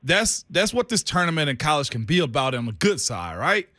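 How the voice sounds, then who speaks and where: A man's voice: a little high, big pitch swings, a little fast, pushed and bright, no room sound. A man hosting a sports radio show in a studio, rambling with stumbling restarts. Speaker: radio host. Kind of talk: casual sports radio chat.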